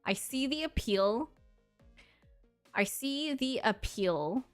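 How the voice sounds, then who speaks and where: A woman's voice: fairly high pitch, lively intonation, slow, soft background music. A woman in her thirties, a streamer in casual chat with her viewers, talking in a blunt, sassy and crude way and laughing often. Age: 30s.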